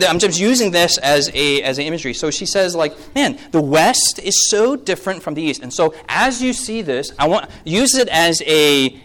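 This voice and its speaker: A young American-born man preaching a sermon in an animated way, with joking asides to the congregation. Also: fairly high pitch. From USA. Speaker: pastor.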